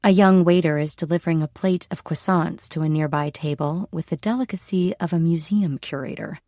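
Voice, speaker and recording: A woman's voice: low voice, fairly quick, dark tone, dry recording, studio quality. A woman narrating a first-person audiobook in a wry, dryly humorous manner.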